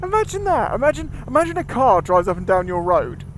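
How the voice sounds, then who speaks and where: Riding a motorcycle through town, this male motovlogger rambles in casual chat and laughs readily. He speaks fairly quickly in a high-pitched, sing-song voice, with heavy road and traffic noise all around.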